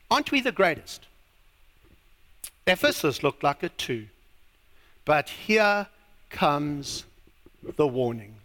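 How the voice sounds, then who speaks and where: A man's voice: sits high, bright, forceful tone. A South African man preaching a sermon as pastor, emphatic and drawing out his words. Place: church hall. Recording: long reverb of a church hall.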